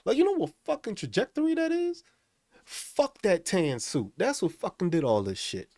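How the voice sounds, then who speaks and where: A man ranting in a casual live stream, swearing often and talking in an animated way. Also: high voice, moderate pace, no room sound.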